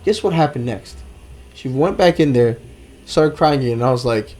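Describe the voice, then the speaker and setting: A man telling a story in casual podcast chat, animated, swearing a lot and leaning on "like". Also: medium pitch, normal speed. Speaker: podcast co-host.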